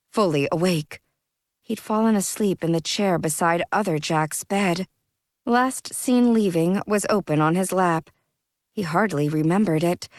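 Measured woman narrator for an audiobook; unhurried, dry studio. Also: mid-range voice, dry recording. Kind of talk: scripted narration.

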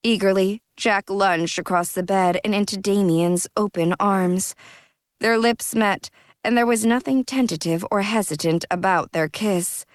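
Measured woman narrator for an audiobook; unhurried, dry studio. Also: medium pitch, no room sound. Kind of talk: scripted narration.

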